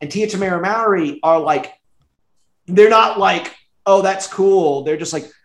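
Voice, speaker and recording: A man chatting loosely on a podcast, his voice a touch higher than most men's. He piles up fillers and restarts and breaks into laughter often. The recording has a roomy echo. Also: moderate pace, vocal fry, a bit bright. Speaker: podcast co-host. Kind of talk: casual chat reviewing a movie.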